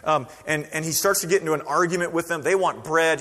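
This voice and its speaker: Male pastor, conversational sermon, fairly high voice, long hall echo. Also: quick pace. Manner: conversational, animated preacher who acts out quoted voices.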